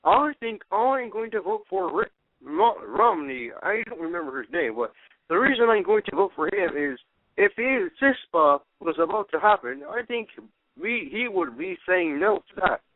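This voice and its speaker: A man's voice: sits high, very animated, moderate pace, no echo. A male caller putting on a Texan drawl as a grumpy cartoon dad, indignant and insulting, over a phone line. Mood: plain. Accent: put-on Texan.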